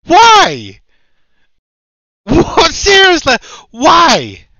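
A man's voice: very high-pitched, wildly swooping pitch, extremely slow, bright, forceful tone, dry recording, rough recording. A man hosting a podcast, ranting in exasperated, repeated questions. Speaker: podcast host. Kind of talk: casual opinion chat.

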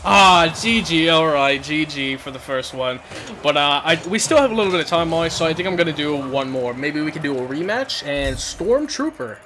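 A young man giving live commentary over his own gameplay, excitable, repeating words in rapid bursts and yelling at tense moments. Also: on the high side, faint music behind. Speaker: gaming YouTuber.

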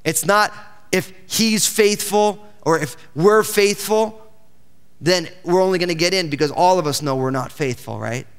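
Guy pastor preaching, higher voice, smooth and clear, big echo in the church. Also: a little slow. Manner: expository preaching, reading scripture aloud and exclaiming. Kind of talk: sermon. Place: church sanctuary. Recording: church hall with long reverb.

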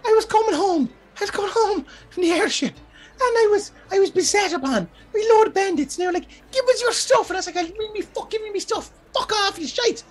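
A woman voicing a small, guilty gnome woman who wails and sobs as she confesses, her voice squeaking between laughter and tears. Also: expressive, brisk. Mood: tearful pleading. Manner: high squeaky wail, laughing and crying as she pleads. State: crying. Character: sobbing, shrill little gnome woman, guilty and desperate.

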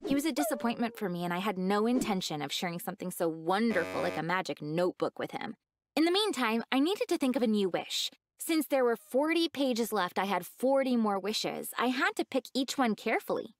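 A woman narrating a skit as a naive, excitable girl, telling her story dramatically. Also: mid-range voice, a little fast, no echo, close to an everyday voice. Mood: dramatic. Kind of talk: first-person story narration in a skit video.

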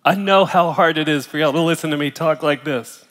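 Strained, emphatic pastor in a big hall. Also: male voice, on the high side, brisk. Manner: emphatic, rising to loud bursts, coughing and clearing throat between phrases. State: in pain, voice strained. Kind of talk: sermon. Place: large church auditorium. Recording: large hall reverb.

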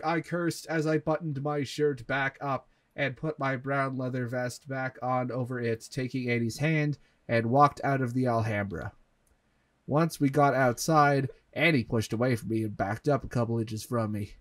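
A man's voice: mid-range voice, normal speed, no room sound. A man reading a fanfiction aloud as a comedic dramatic reading over gameplay, mocking it and deadpanning the punctuation marks. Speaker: let's play host reading a fanfic.

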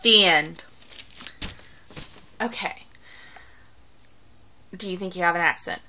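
A woman's voice: lowish voice, slow. A young woman with a Southern US accent, chatting and joking through an accent-challenge vlog into a phone. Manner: chatty, joking, animated outbursts. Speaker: vlogger.

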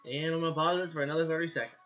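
A man giving casual let's-play commentary over a dating game. His voice is bright, and he reacts out loud with frequent swearing. The sound is slightly muffled, with faint game music behind him. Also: on the high side, steady tone, racing. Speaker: gameplay commentator.

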